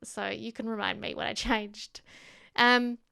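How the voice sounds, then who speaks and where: Casual New Zealand woman, chatty voice-over, smooth with gravelly fry, pitched a bit high. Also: fairly even intonation, measured pace, pushed and bright. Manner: chatty, meandering, many ums and likes. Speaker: Sims builder and streamer. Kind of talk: casual build commentary voice-over.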